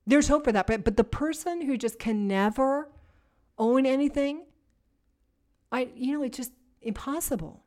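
High-voiced woman teaching with conviction. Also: normal speed, long pauses. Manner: energetic, repetitive, emphatic lists; addresses listeners directly with rhetorical questions. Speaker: women's ministry teacher. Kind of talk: conversational Christian teaching.

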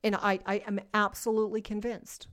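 A woman preaching a sermon, earnest and emphatic, moving between soft, slow passages and louder, forceful ones. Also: mid-range voice, level tone.

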